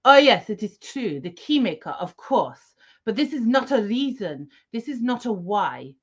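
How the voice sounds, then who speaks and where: A woman's voice: a little high, sing-song, measured pace, husky, exaggerated voice. Woman as a smug french-ish male info broker, lofty lecturing tone, lo-fi podcast sound.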